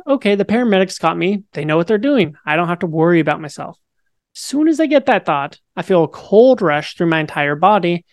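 A young man tells his own story in a relaxed, chatty way, leaning on filler words and getting animated as he goes. There is a mild flavor to his speech. The voice sits close and dry, with no room sound around it. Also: sits high, no room sound. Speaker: guest. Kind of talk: personal story in a podcast interview.

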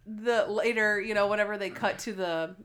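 A woman's voice: mid-range voice, steady tone, moderate pace, fairly bright tone. A woman co-hosting a casual podcast chat about a TV episode, acting out the characters' lines in playful voices. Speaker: podcast co-host.

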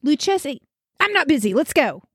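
A woman voicing a drunk, excitable man who loves wine, exclaiming eagerly. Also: high voice, moderate pace, no echo, clean studio sound, voice pushed up. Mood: insistent.

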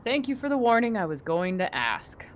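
A woman playing a tabletop game, teasing the others in quick banter. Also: medium pitch, very animated, slight background noise. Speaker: player. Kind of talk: tabletop game play chat.

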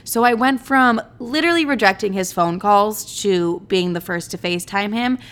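A woman's voice: mid-range voice, moderate pace, clear, resonant tone. A young woman vlogger telling a story in a casual, dramatic way, swearing freely and joking at her own expense. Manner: animated, dramatic, swears freely, mocks herself.

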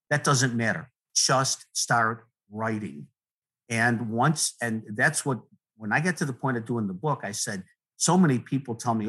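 A middle-aged man, a guest poet, talking in a rambling, earnest way, with many restarts and soft laughs. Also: medium pitch, expressive, normal speed, husky, rough recording. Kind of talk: relaxed conversational interview.

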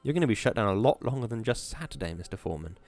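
A man's voice: fairly low pitch, animated, rapid-fire, a little mellow, faint music behind. A man reading the lines of a defiant, sarcastic young mill worker, with a cocky, mocking delivery.

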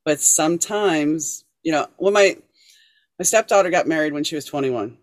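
A woman hosting a podcast, telling stories calmly and measuredly but animated when she quotes others. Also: low-pitched, no echo, clean studio sound. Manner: storytelling, animated when quoting, calm and measured between quotes. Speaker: podcast host. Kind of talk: casual interview conversation.

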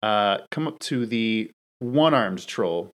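A man's voice: fairly low pitch, animated, slow pace, a bit bright. A man playing a tabletop role-playing game. He talks in a chatty, hesitant way, often restarting a sentence before he gets it out. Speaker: player.

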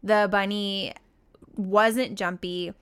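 A woman co-hosting a casual podcast, taking her time in an unhurried, deliberate way. Her voice is smooth and clear, and her thoughts come across as measured and reflective. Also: mid-range voice, steady tone. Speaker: podcast co-host. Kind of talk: casual chat.

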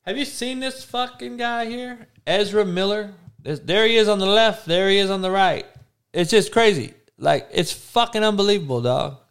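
A man's voice: high-pitched, moderate pace, a bit bright, clear, resonant tone. A man in a crude, heated casual rant, swearing constantly.

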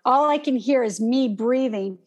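A woman telling a personal story in casual conversation, animated and acting out gasps as she goes. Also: high-pitched, normal speed. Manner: animated, acts out gasps and panicked breathing.

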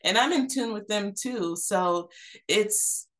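A woman's voice: mid-range voice, takes it slowly. A woman in her thirties, a podcast guest, talking earnestly and reflectively with many fillers and restarts. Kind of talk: candid personal conversation.

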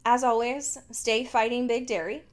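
A woman's voice: fairly high pitch, steady tone, unhurried. A woman co-hosting a podcast in casual chat, laughing often and swearing freely. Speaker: podcast co-host.

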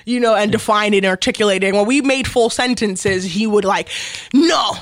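A woman's voice: medium pitch, fairly quick. A young woman from Africa talking in a casual interview, blunt and laughing often. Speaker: guest.

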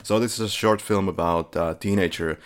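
Deep-voiced guy cohosting a podcast, rambly, fixes his words a lot. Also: fairly even intonation, brisk. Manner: rambling, self-correcting, laughs often. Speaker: podcast co-host. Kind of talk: casual podcast chat.

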